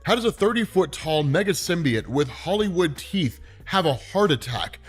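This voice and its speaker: A wisecracking male symbiote fighter, voiced plainly by a man reading a comic aloud. He quips with incredulous disbelief, pitched slightly high. Soft music runs in the background. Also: very animated, moderate pace, husky.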